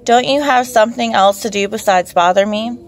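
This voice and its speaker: A woman's voice: a little high, fairly quick, lightly acted. A brusque, short-tempered older landlady who grumbles and exclaims, as a woman puts her on for an audiobook. She is always busy and impatient with interruptions. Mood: exasperated. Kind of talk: audiobook reading.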